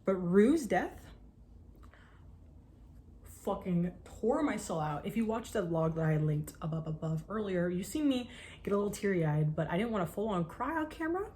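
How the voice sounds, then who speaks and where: A young woman talking casually to camera about books she loves, gushing and animated, with the odd swear word. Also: medium pitch, normal speed. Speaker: book vlogger. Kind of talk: casual chat.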